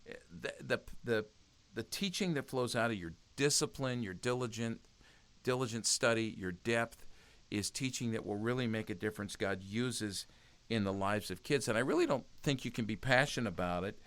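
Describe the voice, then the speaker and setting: A youth ministry speaker, a guest on a podcast, talks in a conversational interview with a mid-range, fairly bright voice at a moderate pace. He is earnest and exhortative and often restarts his sentences.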